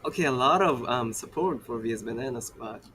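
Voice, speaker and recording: Bright, excitable young male esports caster. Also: medium pitch, fairly quick. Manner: excitable, playful, teasing banter. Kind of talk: play-by-play commentary. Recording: faint game noise behind.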